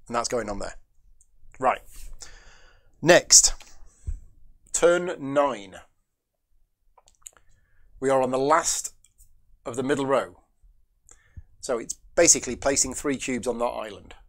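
Man of middle pitch, board game host talking himself through each move. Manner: muses aloud, questions and answers himself; chats with viewers between moves. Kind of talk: solo board game playthrough, thinking aloud.

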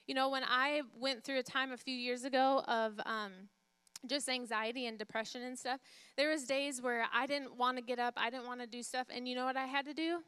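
A woman preaches a sermon as pastor, her voice bright and a touch high. She is emphatic, repeating key phrases and putting questions to the congregation, and she softens to a hush when she retells a story. The recording is close and dry. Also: steady tone, brisk, clean tone, no room sound.

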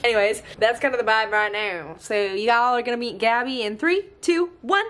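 A woman's voice: on the high side, steady tone, a little fast, a bit bright. A young woman chatting in a casual vlog, bubbly and giggly, talking to a handheld camera. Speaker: vlogger. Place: car and outdoors by the beach.

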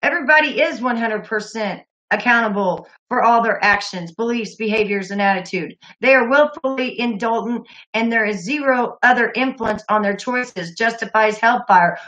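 A woman's voice: on the high side, normal speed, hardly any pauses, pushed and bright, low-quality recording. A woman hosting a call-in livestream, talking bluntly with angry outbursts and lots of swearing. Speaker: livestream host taking calls.

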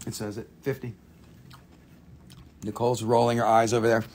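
A man hosting a live gemstone sale, excitable and cursing freely, breaking into snatches of song. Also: medium pitch, normal speed, pauses often. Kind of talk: live shopping stream. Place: home shop.

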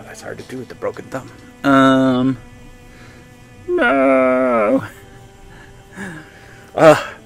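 A man streaming a video game, chatting casually, thinking aloud and laughing often. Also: mid-range voice. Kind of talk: casual live-stream chat while playing.

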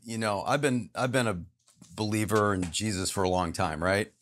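A man's voice: lowish voice, normal speed, fairly bright tone, a little hiss or hum. A man, a guest actor, telling an earnest personal story in casual conversation, emphatic and acting out the voices in it. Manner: earnest, emphatic, acts out quotes in his story.

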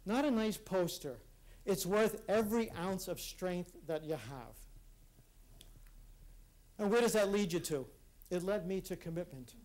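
A man giving an earnest, reflective talk at a conference, speaking in a halting way with restarts. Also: sits high, lively intonation, darkish tone. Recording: live talk in a hall.

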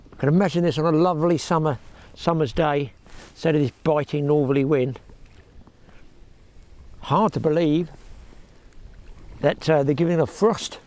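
Chatty angler talking to camera. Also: male voice, fairly high pitch, a little mellow. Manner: chatty, talks to viewers as "people" and "boys". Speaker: fishing vlogger. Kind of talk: casual commentary to camera. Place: outdoors at a lake bank, windy. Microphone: clip-on mic with lead.

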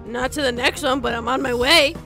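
A woman's voice: sits high, steady tone, a little fast, gravelly, bright, forceful tone, soft background music, exaggerated voice. A woman voicing a smug, teasing girl fan in a fan gameplay role-play. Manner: teasing, bratty.

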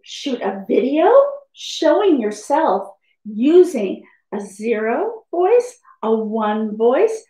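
Sing-song woman teacher, talking slowly to children. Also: on the high side, big pitch swings, dark tone, roomy sound, rough recording. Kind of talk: children's lesson video.

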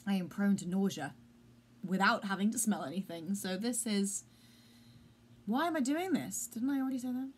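A woman's voice: medium pitch, normal speed, slight background noise. A woman chatting casually in a home vlog, rambling and self-deprecating, with a squeamish streak. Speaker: vlogger. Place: home room.

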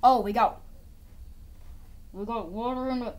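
A woman's voice: fairly high pitch, unhurried, darkish tone. A woman casually talking her way through a video game, chatty and repeating herself as things happen. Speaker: gameplay video creator. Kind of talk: casual gameplay commentary.

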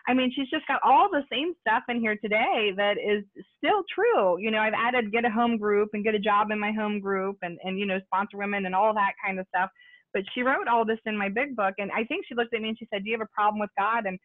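Her medium-pitched American voice moves fairly quickly as she tells a video-call support meeting about her recovery. The personal testimony comes out casually, peppered with fillers and asides. It's captured as tinny, phone-like call audio without any echo.

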